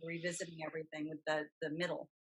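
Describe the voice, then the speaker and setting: Speaking quickly in a low, husky voice, a middle-aged voice actress and coach appears as a guest on a casual podcast. She talks at length with lots of energy and emphasis, and the recording is low quality.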